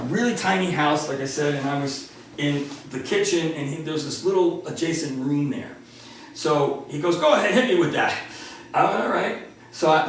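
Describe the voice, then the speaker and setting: A man in his sixties, a martial arts instructor telling a story in an animated, laughing way. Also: a little high, slight background noise. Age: 60s. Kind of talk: casual storytelling. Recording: roomy, distant from the mic.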